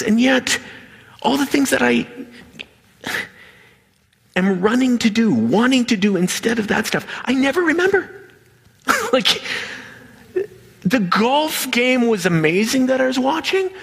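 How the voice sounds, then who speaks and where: A man's voice: very high-pitched, very animated, measured pace, vocal fry, pauses often, fairly bright tone, slightly rough. A middle-aged man preaching a sermon, telling a story animatedly and dropping to a near whisper at emotional moments. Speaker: pastor. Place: large hall with audience. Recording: reverberant hall.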